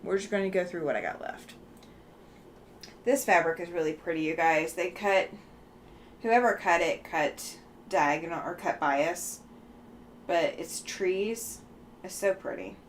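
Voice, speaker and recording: A woman hosting a relaxed quilting live stream, chatting with viewers and thinking aloud with lots of ums and likes. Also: lowish voice, a little slow, long pauses, a little hiss or hum. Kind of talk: casual live-stream chat, reading viewer comments.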